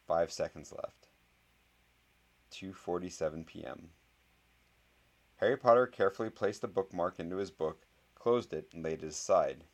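Male audiobook narrator, low pitch, steady dramatic delivery. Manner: measured, dramatic storytelling. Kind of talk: scripted story narration.

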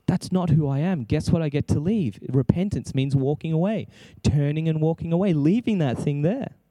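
A man's voice: a little high, moderate pace, warm tone, dry recording. A man preaching an impassioned sermon, exclaiming and acting out prayers as he speaks.

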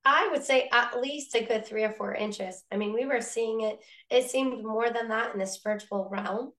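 A woman telling a personal faith story as a podcast guest, in a casual, animated way, acting out the voices of people in her story. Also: on the high side, moderate pace.

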